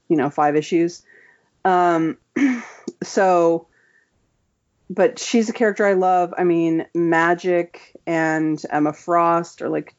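A woman's voice: sits low, darkish tone, muffled recording. A woman guest on an interview show, chatting casually and enthusiastically with lots of filler words. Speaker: comic book writer, guest.

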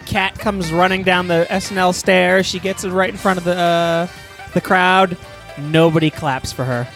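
A man's voice: high-pitched, steady tone, a little slow, fairly bright tone, soft background music. A man improvising a crude, rambling comedy story as host, with heavy profanity.

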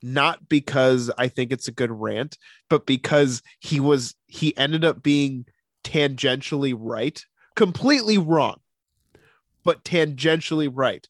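A man's voice: mid-range voice, no echo, studio quality. A young man co-hosting a podcast, explaining a story at length with casual asides. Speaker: podcast co-host. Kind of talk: casual chat.

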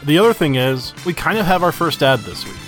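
A man's voice: a little high, lively intonation, a little fast, fairly bright tone, soft background music. A man from the American Midwest co-hosting a podcast in casual chat, laid back and often replying with short agreements. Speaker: podcast co-host.

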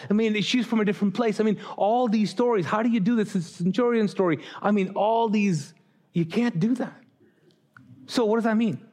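A man's voice: sits high, a little mellow. A man preaching a sermon as pastor, talking directly to the congregation, often restarting his sentences and acting out the voices of people he quotes. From grew up Muslim. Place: church stage.

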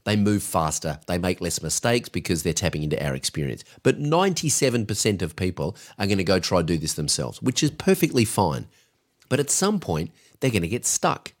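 A man's voice: deep voice, sing-song, a little fast. A man co-hosting a business podcast, coaching in an emphatic, directive way. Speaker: podcast co-host, agency coach.

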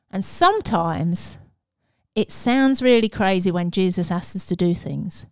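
A woman delivers a relaxed, conversational sermon with an earnest tone. Her voice is smooth and clear, recorded close and dry with no room sound. She talks informally, with fillers and restarts along the way. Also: mid-range voice, measured pace, no echo. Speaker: preacher. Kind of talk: casual devotional sermon.

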